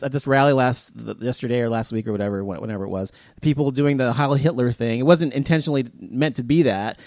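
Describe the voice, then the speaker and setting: A man's voice: medium pitch, no room sound. Heated, swearing man in dry close sound. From Texas, US. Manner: heated, swears a lot, rants. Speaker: podcast co-host. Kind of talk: casual chat.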